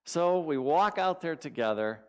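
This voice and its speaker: A man's voice: a little high, lively intonation, a little slow, a little mellow, smooth. Casual, storytelling man giving a spiritual talk. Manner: casual, repeats words for emphasis. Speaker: spiritual community speaker. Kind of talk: conversational sermon with personal stories.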